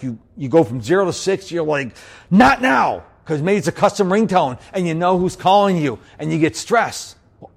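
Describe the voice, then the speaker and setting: Man, motivational speaker, high voice, lively swooping delivery, always energetic. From United States. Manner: bouncy and upbeat, always energetic. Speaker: productivity speaker and podcast host. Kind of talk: motivational talk to an audience.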